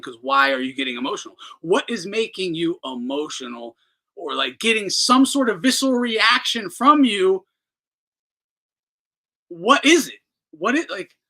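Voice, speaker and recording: Male boxing talk host, fiery profane ranter, bright cutting voice. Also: sits high, rough recording. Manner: heated, profane, ranting. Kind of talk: ranting commentary.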